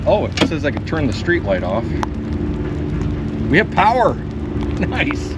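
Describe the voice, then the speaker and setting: A man's voice: mid-range voice, slight background noise. Chatty man vlogging outdoors. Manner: chatty, talks directly to viewers as folks. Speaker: van camping vlogger. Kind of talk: casual solo vlog narration to camera. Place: outdoors at a riverside campground in the rain.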